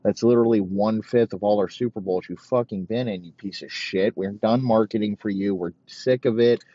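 Deep-voiced man ranting crudely. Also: fairly quick, dark tone, no room sound. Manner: crude, rambling, heavy swearing, mock outrage. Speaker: podcast host. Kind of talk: profane comedic rant. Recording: dull, dry lo-fi recording.

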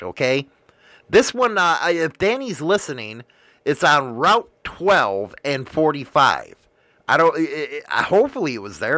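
Male host, crude and profane rambling storyteller, bright voice, slow delivery. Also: fairly high pitch, dry recording. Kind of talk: casual storytelling.

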